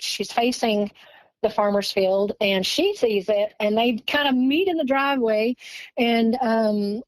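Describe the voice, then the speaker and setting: A woman's voice: on the high side, no echo, rough recording. A woman from Texas, telling a story as a guest in a casual, rambling way, acting out what people said. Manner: rambling, lively, acts out quoted speech.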